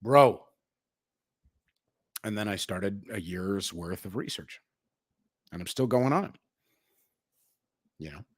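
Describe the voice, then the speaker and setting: A young man hosting a livestream, talking in a profane, slangy, swaggering way and jumping between loud outbursts and low asides. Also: measured pace, long pauses, dry recording, clean studio sound. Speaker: livestream host. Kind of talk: unscripted livestream rant.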